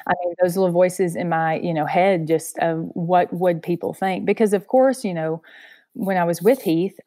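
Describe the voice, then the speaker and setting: Soft-spoken Southern woman. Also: on the low side, normal speed, dry recording, clean studio sound. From Texas. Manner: soft-spoken, earnest, heavy use of "you know". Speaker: interview guest. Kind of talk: personal storytelling in conversation.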